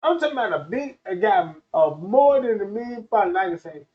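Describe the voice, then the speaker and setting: A man's voice: sits high, lively intonation, fairly quick. A man hosting a livestream, talking in a rambling, emphatic, slangy way in casual commentary. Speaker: streamer host. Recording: dull lo-fi stream audio.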